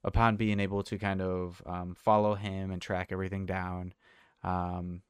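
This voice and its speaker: A man narrating a tabletop game as game master, halting and full of fillers. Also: low-pitched, level tone, clean tone, no echo, studio quality.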